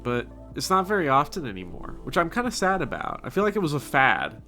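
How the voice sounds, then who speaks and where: A young man from Kentucky with a softened Southern accent, chatting casually and bluntly as he answers viewer questions, rambling and joking at his own expense. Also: a little high, very animated, brisk, soft background music. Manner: rambling, self-mocking, blunt. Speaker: channel host. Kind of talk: casual Q&A chat.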